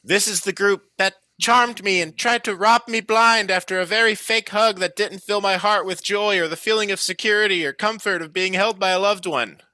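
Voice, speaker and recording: A man voicing an indignant male shopkeeper in a tabletop game, yelling accusations. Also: high-pitched, normal speed, few pauses, dry recording, pitched above the performer's own voice.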